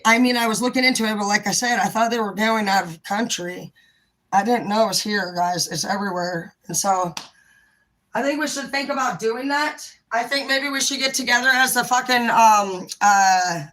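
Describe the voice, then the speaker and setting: A woman's voice: fairly high pitch, a bit bright, poor audio. A woman giving a heated, profane rant straight to her viewers, blunt and impassioned. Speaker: vlogger. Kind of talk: impassioned direct-to-camera rant.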